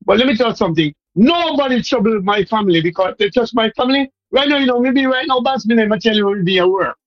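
A radio caller, a man from Montserrat with a strong Montserratian Caribbean accent. He talks in a rambling, fervent, repetitive way over a phone line. His voice sits high and the sound is dry. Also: animated, fast talker, dry recording. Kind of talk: emotional call-in to radio.

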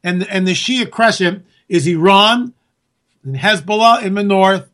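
Speaking in a high, unhurried voice, a man gives an animated, sarcastic political monologue aimed straight at his listeners, whom he calls folks.

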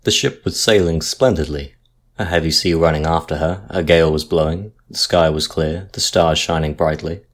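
Deep-voiced man narrating a tale. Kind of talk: storytelling narration.

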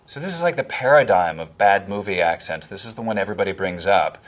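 A man's voice: sits low, lively intonation, quick pace. A man commenting on film accents like an accent coach, precise and critical with a dry, profane edge. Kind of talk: analytical commentary over film clips.

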